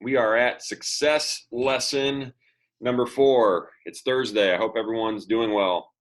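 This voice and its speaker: A man's voice: medium pitch, fairly even intonation, measured pace, rough recording. Upbeat man telling a motivational story. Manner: upbeat, acts out quoted dialogue. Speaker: school motivational speaker.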